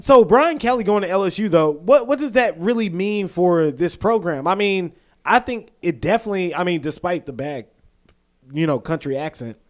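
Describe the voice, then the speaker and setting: A man from the American South co-hosting a casual sports podcast, animated and quick to act out quotes and laugh. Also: high-pitched. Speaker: podcast co-host.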